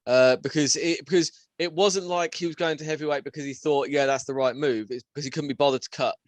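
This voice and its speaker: A man co-hosting a casual podcast chat, animated and laughing often, a little tipsy from beer. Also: on the high side, quick pace, no echo. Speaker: podcast co-host.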